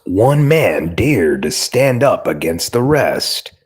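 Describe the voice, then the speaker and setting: A man putting on the voice of a dramatic male movie-trailer narrator, speaking in a slow, solemn announcer delivery. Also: on the low side, big pitch swings, breathy edge, full character voice.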